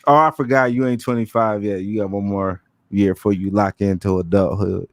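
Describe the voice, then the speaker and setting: A man's voice: on the low side, fairly even intonation, brisk, no room sound, clean studio sound. A man in a casual group chat, ribbing a friend in a playful, slangy way.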